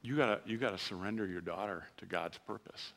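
A middle-aged male pastor delivering a sermon in a relaxed, conversational manner. He mixes self-deprecating asides into his preaching, and his voice turns tender and emotional at moments. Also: on the low side, a little fast, vocal fry.

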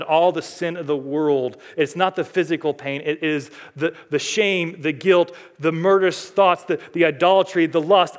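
A male pastor preaching a sermon, building to loud, high climaxes and then dropping to quiet, earnest passages.

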